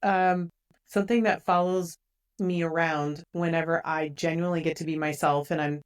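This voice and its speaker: Upbeat woman podcast host, low voice. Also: steady tone, moderate pace. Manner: upbeat, hopeful, acts out quotes. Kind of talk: casual conversation.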